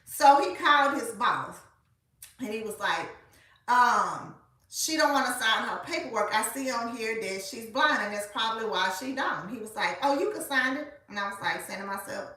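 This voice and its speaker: A woman, telling a story in a casual, animated way and speaking straight to her listeners. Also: fairly high pitch, normal speed, recorded from a distance. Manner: animated, colloquial, addresses listeners as y'all. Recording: echoey room, voice off-mic.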